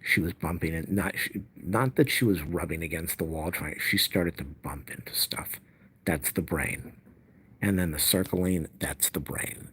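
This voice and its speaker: Man, angry rant, raspy husky tone, sharp edge, repeats himself. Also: deep voice, a little slow. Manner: heated, repeating himself, recounting an argument.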